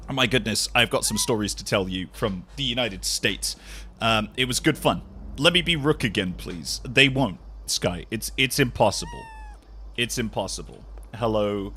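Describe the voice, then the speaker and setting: A man chatting casually with his livestream viewers, jet-lagged, animated, swearing freely and laughing often. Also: on the low side, slight background noise. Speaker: live streamer.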